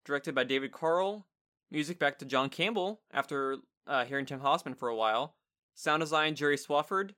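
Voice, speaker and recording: A man in his twenties hosting a podcast, chatting casually in a relaxed way about a series he reviews. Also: a little high, moderate pace, clear, resonant tone. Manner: relaxed, chatty, trails off and restarts. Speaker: podcast host.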